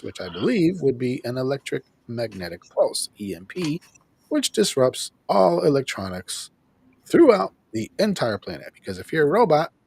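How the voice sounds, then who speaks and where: A man hosting a show, casually recapping an episode in an animated way, acting out lines and laughing often. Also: mid-range voice, a little hiss or hum. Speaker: host of a show reviewing an episode.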